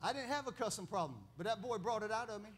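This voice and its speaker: High-voiced pastor preaching. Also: male voice, expressive, fast talker. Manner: storytelling with laughs, rising to loud preaching. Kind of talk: sermon.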